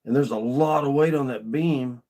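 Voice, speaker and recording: A man's voice: medium pitch, moderate pace, mellow. Earnest middle-aged man telling a story. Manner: earnest, rambling, plainspoken. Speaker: vlogger. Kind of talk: casual storytelling to camera.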